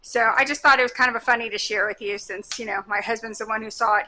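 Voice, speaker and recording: A woman's voice: a little high, fairly even intonation, fast talker, hardly any pauses, pushed and bright, a little hiss or hum. A woman in her forties hosting a home cooking vlog, chatting in a bubbly, rambling way and correcting herself as she goes.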